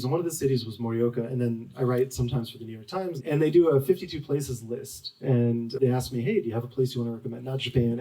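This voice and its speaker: A man's voice: mid-range voice, dark tone, distant mic, poor audio. A man in his forties, an author guest at a bookstore event, telling stories in a rambling way full of "like" and restarts. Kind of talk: storytelling at a live book talk.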